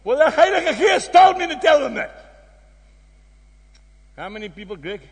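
A South African man preaching a sermon, telling a story with emphatic exclamations that drop to hushed tones. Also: very high voice, big pitch swings, normal speed. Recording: long hall reverb.

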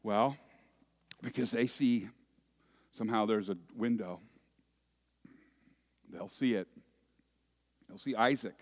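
Slow, deliberate male preacher. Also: on the low side. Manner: deliberate, with rising emphatic phrases and quiet asides. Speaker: pastor. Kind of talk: sermon.

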